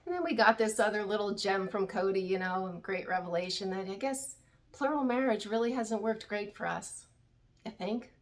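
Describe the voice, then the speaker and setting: A woman's voice: medium pitch, moderate pace. A woman hosting a YouTube recap channel, chatting candidly and with opinions about a reality TV show. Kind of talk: casual chat.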